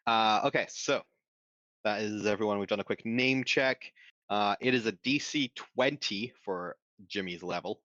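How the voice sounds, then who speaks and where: A man's voice: lowish voice, a little slow, a bit bright, no echo, lo-fi sound. A man narrating as game master in a tabletop game over voice chat, stretching out dramatic moments with many fillers.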